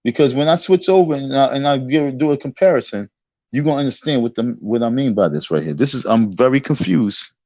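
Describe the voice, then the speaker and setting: A man's voice: mid-range voice, brisk, no room sound, muffled recording. A middle-aged man giving rambling, profane reaction commentary as a vlogger, restarting his sentences over and over. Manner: excitable, repetitive restarts, profane street talk.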